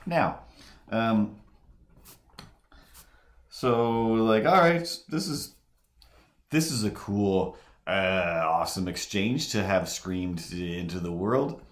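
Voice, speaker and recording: A man livestreaming while he draws, telling a rambling story in a casual, animated way. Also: on the low side, slow, long pauses, roomy sound. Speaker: streamer drawing live.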